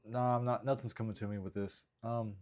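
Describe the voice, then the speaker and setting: A man's voice: lowish voice, flat delivery, a little mellow. Man rambling through his stand-up drafts. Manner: halting, rambling, self-critical, frequent restarts. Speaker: stand-up comedian. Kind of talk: casual vlog, working through stand-up material.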